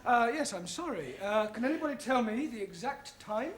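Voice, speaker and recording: An actor playing a mild, apologetic English teacher who speaks politely and hesitantly in a 1970s TV sitcom. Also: male voice, very high voice, expressive, normal speed. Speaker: evening class teacher. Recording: noisy old TV broadcast.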